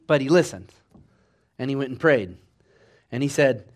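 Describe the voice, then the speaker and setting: A man preaching a sermon, telling a story with lively acted-out quotes and swinging between loud bursts and hushed passages. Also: mid-range voice, moderate pace, pauses often.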